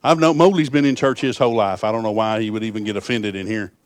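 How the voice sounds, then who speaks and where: A man's voice: fairly low pitch, steady tone, fast talker, no echo. A middle-aged man preaching a sermon, telling folksy stories that swell into fervent appeals.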